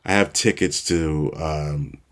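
Deep, slow-talking male podcast host. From Chicago, USA. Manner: relaxed, self-deprecating storyteller, chuckles at himself. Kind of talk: casual storytelling monologue.

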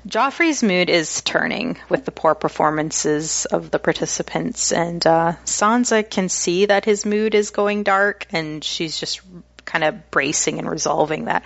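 A woman's voice: lowish voice, a little slow, creaky, no room sound. A woman co-hosting a podcast, chatting casually with laughing asides and reading book passages aloud. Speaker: podcast co-host. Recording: slightly dull dry lo-fi recording.

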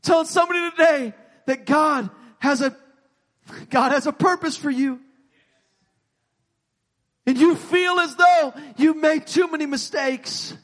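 A male pastor preaching an impassioned sermon with an altar call, rising to shouts. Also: very high voice, a little slow, long pauses. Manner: impassioned, rising to shouts, voicing God's words.

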